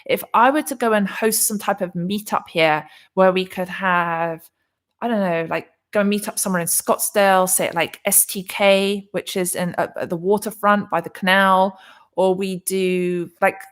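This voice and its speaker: A woman's voice: medium pitch, steady tone, normal speed. A woman from England hosting a casual crypto livestream, chatting as she reads out viewer comments, rambling with many restarts and fillers. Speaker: crypto channel host. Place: her condo in Arizona.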